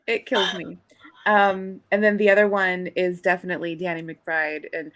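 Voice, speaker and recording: A woman's voice: medium pitch, normal speed, fairly bright tone. A woman with a mid-range voice chats casually on a podcast. She keeps a playful tone and giggles between thoughts. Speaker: podcast co-host. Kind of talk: casual chat.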